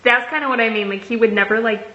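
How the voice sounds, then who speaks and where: Quick and sharp, her voice leans high with fairly even intonation. This young vlogger chats through a storytime, reading messages aloud while swearing freely and saying "like" and "um" constantly. Room echo and mild muffling are audible.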